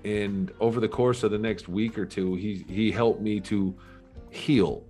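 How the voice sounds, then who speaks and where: Earnest low-voiced man telling his story. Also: steady tone, darkish tone, faint music behind. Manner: earnest, reflective, halting restarts. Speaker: podcast guest. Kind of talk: candid storytelling.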